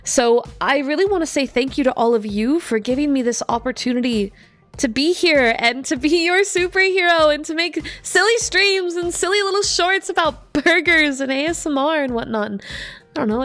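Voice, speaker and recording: A bubbly, talkative woman streamer with a bright, high voice, chatting casually with her viewers as she plays. She reads their messages aloud and laughs easily. Soft background music plays faintly under her voice. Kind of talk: casual live-stream chat while gaming.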